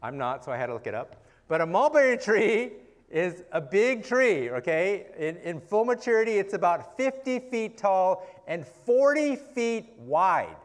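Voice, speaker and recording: A man's voice: high voice, very animated, unhurried. A man preaching in a casual, conversational Bible-teaching style, often checking in with "okay" and "right?" and asking rhetorical questions.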